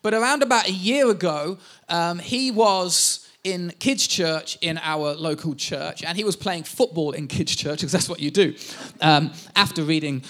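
A man's voice: fairly high pitch, a little slow, few pauses, a bit bright. A man in his thirties, a pastor, preaching a sermon and telling family stories with self-deprecating humor.

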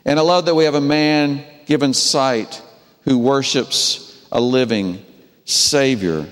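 A man preaching a sermon, telling the story with animated delivery and acting out the characters' voices. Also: mid-range voice, slow, long reverb tail. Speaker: pastor.

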